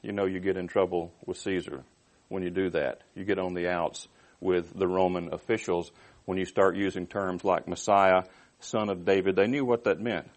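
A man's voice: sits low, steady tone, moderate pace. A man preaching through a Bible passage, reading verses aloud and explaining them in plain, conversational terms. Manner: reads scripture aloud then explains it, with restarts and asides. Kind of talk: expository Bible teaching.

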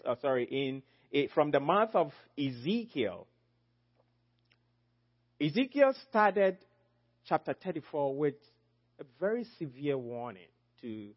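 A man preaching a sermon, emphatic, swinging from loud high exclamations to low quiet phrases. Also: lo-fi sound.

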